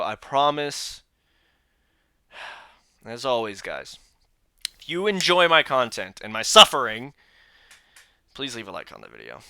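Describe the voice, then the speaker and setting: Young male vlogger, tired and venting, crisp bright tone, phone mic in a small room. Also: lowish voice, no echo, studio quality. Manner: weary and grumbling, venting frustration. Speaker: reaction channel host. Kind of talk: casual vlog chat to camera. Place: indoor room, seated. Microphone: phone camera.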